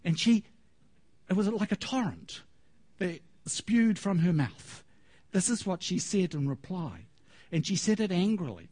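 A man's voice: sits high, a little slow, husky. A man preaching a light-hearted sermon who tells stories, often laughs, and talks to the congregation. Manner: animated, laughing, storytelling. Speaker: pastor. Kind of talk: humorous sermon.

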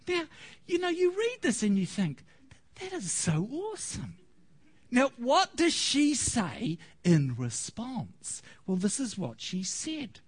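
Lively joking male preacher. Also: very high voice, slow. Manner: animated, laughing, storytelling. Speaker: pastor. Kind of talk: humorous sermon.

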